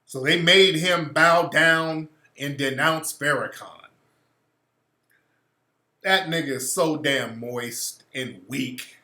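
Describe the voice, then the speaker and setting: Man, radio host, high bright voice, combative and profane monologue, echoey room. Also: slow.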